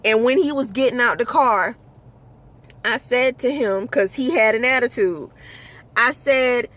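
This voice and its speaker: A woman's voice: on the high side, a little slow, fairly bright tone. A young woman, a rideshare driver telling blunt, exasperated stories in a casual vlog, swearing freely.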